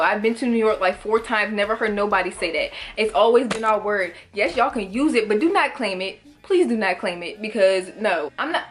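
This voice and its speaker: A woman's voice: on the high side, fairly bright tone. An eighteen-year-old woman with a Washington DC area accent, explaining slang in a casual vlog, chatty and emphatic, leaning on "like" and local slang. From DC, Maryland and Virginia area. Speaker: vlogger.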